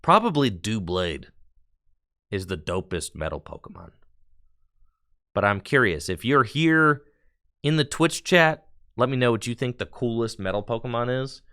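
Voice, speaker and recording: A man's voice: mid-range voice, animated, a little slow, pauses often, pushed and bright. A man chatting casually on a live stream while opening card packs, talking in a chatty, slangy way with bursts of enthusiasm.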